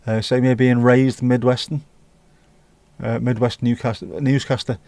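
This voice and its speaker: A man's voice: medium pitch, little pitch movement, measured pace, dark tone, no room sound. A man with a Scouse accent hosting a casual livestream, chatting with viewers and bantering as he reads the chat. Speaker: livestream host.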